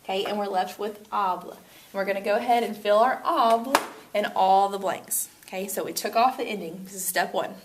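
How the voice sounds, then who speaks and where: A woman's voice: medium pitch, brisk, background noise. Upbeat woman teaching. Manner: upbeat, chatty, playful asides. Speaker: Spanish teacher. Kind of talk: classroom lesson video.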